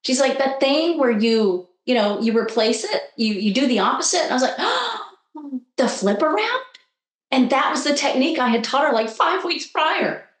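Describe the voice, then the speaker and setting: A woman coach sharing a story in an animated, conversational way, acting out the voices she quotes. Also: high-pitched, fairly quick, hardly any pauses, reverberant. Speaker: guest coach.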